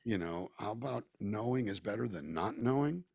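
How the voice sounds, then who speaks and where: Husky, a little mellow and touched with vocal fry, this man's lowish voice is animated at a moderate pace. A Southern Californian guest musician and actor, he talks at length and thoughtfully over a video call in a casual interview, the sound studio-clean with no room noise. He's reflective and talkative, acting out quoted voices.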